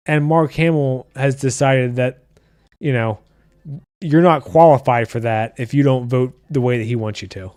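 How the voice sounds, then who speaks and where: A man's voice: medium pitch, moderate pace, a little mellow, clean tone, no echo. A man with a mid-range voice talks in a loose, blunt, profane rant while hosting a casual livestream. The sound is dry and close, with almost no room around it. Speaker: podcast host reading live chat.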